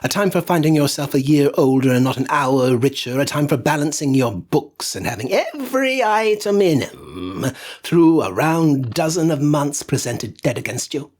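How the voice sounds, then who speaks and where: Grumpy old miser sneering at everything, husky and lively, as a guy reading puts him on. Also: fairly high pitch, normal speed, pitched above the performer's own voice. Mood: scornful. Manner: scornful, grumbling. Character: stingy, sour old male miser.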